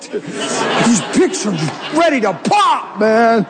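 A man telling a story in a sermon, animated and laughing often as he talks. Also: extremely high pitch, very slow, long pauses, a loud crowd, very noisy. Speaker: preacher. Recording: long hall reverb.

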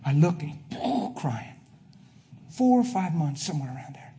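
High-voiced man preaching with swings from hush to loud. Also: very animated, moderate pace. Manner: emphatic, swings from hushed to loud. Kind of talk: sermon with personal story. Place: before a live congregation.

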